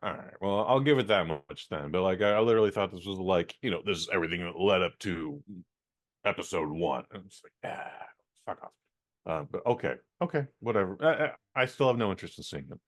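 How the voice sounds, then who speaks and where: A man's voice: low voice, lively intonation, brisk. A man from San Francisco co-hosting a casual podcast, rambling bluntly and swearing. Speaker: podcast co-host.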